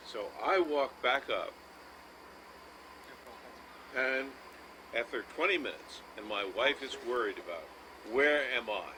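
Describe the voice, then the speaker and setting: A middle-aged man tells a story at the table, drunk and dragging out every phrase with long pauses, though his pitch rises and falls a lot. He was recorded on a noisy camcorder from across the room. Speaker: storyteller at family dinner. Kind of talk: rambling anecdote. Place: family dining room after dinner. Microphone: camcorder mic across the room. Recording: noisy 1990s home video.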